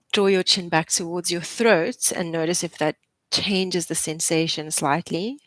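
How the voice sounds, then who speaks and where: A young woman physiotherapist coaches a live posture class with upbeat, chatty cues and easy laughter. Her voice sits a little low for a woman. The sound is close and dry, with no room echo. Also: moderate pace, a bit bright. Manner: encouraging, chatty, laughs often. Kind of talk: live exercise class instruction.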